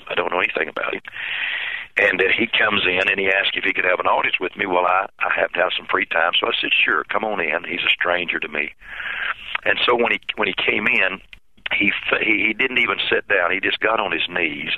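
A pastor speaks in a very deep, gravelly voice, earnest and halting, stumbling over repeated words. The sound is thin and tinny, as if over a phone line. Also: male voice, no room sound. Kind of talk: telling a personal story in an interview.

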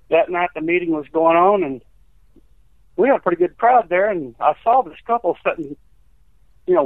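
A man's voice: a little high, no room sound. A man, an evangelist telling healing testimonies in a rambling, folksy way, acting out the quotes. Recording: tinny dry phone line.

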